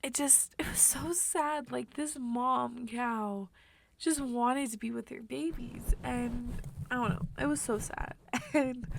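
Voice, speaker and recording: Young woman vlogging, kinda high voice, rambly and teary, lots of ums. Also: creaky. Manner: rambling, soft and tearful, many fillers. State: tearful. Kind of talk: emotional personal monologue.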